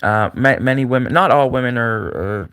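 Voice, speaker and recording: A man's voice: medium pitch, moderate pace, fairly bright tone, smooth, no room sound. Rambling man with a dry close sound. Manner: rambling, repetitive, frequent fillers and restarts, mocking put-on voices. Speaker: commentator. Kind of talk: rambling solo monologue.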